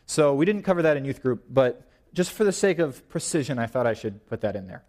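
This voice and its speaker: A young man in his twenties giving an informal, animated sermon at church, pacing and gesturing as he talks. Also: medium pitch, a little fast. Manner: paces and gestures while preaching, animated and informal. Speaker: young preacher.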